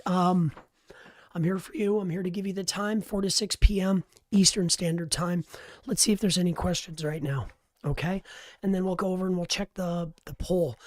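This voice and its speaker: A hoarse man with a worn-out voice hosting a casual live stream, talking close to the mic in an animated, chatty way. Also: high-pitched, no room sound. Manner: animated, chatty, laughs easily. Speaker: host of a live coaching stream. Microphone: close-up microphone.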